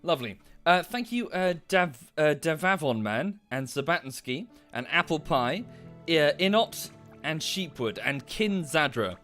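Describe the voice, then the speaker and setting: A man's voice: on the high side, expressive, measured pace, a bit bright, faint music behind. Chatty polite British man. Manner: polite, chatty, rambling with many fillers. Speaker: livestreamer. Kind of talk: casual stream chat. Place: home streaming setup.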